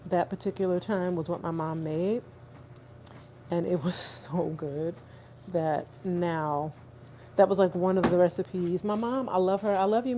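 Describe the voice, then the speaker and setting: A woman's voice: on the low side, rough recording. Friendly woman chatting to viewers while cooking, recorded on a phone propped on a kitchen counter, light noise underneath. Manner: chatty, warm-hearted, laughs often, talks to viewers directly. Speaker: vlogger hosting a livestream. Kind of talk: casual livestream chat while cooking. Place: home kitchen, rain outside. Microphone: phone set on the counter.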